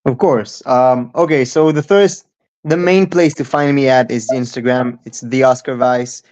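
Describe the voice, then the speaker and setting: A young man being interviewed as a guest, answering in a quick, eager, friendly way. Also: medium pitch, darkish tone. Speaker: guest wrestler. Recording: dull lo-fi audio.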